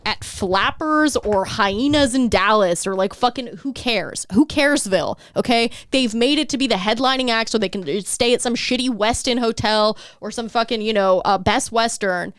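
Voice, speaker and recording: A woman's voice: fairly high pitch, moderate pace, few pauses, a bit bright, smooth, no room sound. A woman hosting a podcast, ranting in casual chat and swearing freely. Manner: worked-up ranting. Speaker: podcast host.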